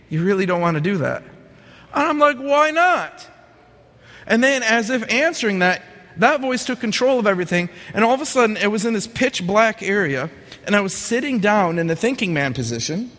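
A man's voice: sits high, in a large hall. A young man telling a personal testimony in an earnest, vivid storytelling way. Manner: earnest, vivid storytelling with lively quoted inner thoughts. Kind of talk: personal testimony, told to an audience.

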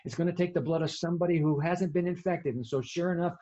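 Husky-voiced preacher telling a dramatic story. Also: male voice, on the high side, quick pace, highs cut off. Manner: vivid storytelling with sudden hushed drops.

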